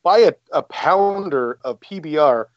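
A man's voice: a little high, lively intonation, unhurried, no room sound, muffled recording. A man telling a rambling, self-deprecating story in casual chat. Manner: rambling, self-deprecating, many fillers and restarts.

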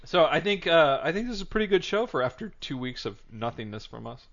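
A man's voice: fairly high pitch, sing-song, quick pace, vocal fry, a bit bright, highs cut off. A man co-hosting a podcast in casual chat, joking and laughing often. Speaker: podcast co-host.

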